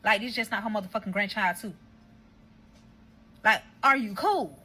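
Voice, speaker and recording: A woman's voice: mid-range voice, normal speed, pushed and bright, breathy edge. A woman telling a casual story-time tale to her viewers, heated and swearing freely. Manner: heated, profane, addresses viewers.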